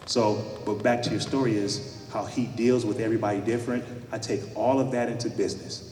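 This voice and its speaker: A man, a former pro basketball player, speaking as a guest to an audience, telling stories in an animated way and repeating phrases for emphasis. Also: on the low side, fairly quick, faint music behind. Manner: animated, acts out quoted dialogue, repeats phrases. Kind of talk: storytelling talk to an audience. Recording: echoey hall, speaker far from mic.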